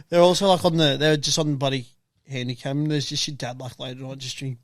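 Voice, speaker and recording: A man's voice: medium pitch, fairly even intonation, fast talker, no echo, clean studio sound. A young man, co-hosting a podcast, joking, swearing and acting out quotes. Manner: jokey, swears, acts out quotes. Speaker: podcast co-host. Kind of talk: casual chat.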